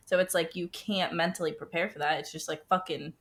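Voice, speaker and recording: A woman's voice: fairly low pitch, fairly even intonation, a little fast, a bit bright. A woman in her twenties co-hosting a podcast, chatting candidly and rambling, with casual swearing. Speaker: podcast co-host. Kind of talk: casual chat. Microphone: remote call.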